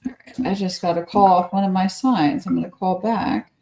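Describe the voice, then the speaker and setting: A woman with a fairly low voice chats over a video call. She's brash and joking as she rallies her team between calls, casual and blunt. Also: steady tone, moderate pace, warm tone. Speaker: real estate agent hosting a prospecting session.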